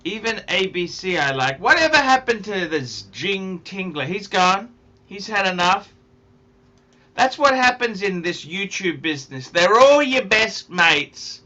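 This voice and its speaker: A talkative man runs a casual livestream, reading out viewer comments and joking as he goes. His voice sits fairly high for a man and is very bright and sharp, and he talks at an unhurried pace. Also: very animated, highs cut off. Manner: chatty, jokey, reads viewer comments aloud. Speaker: livestream host.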